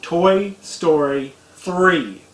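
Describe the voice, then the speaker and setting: Easygoing man, echoey room. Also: fairly high pitch. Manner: relaxed, hesitant, with many "uh" pauses and easy laughs. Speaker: co-host. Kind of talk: casual chat. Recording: echoey room with faint hiss.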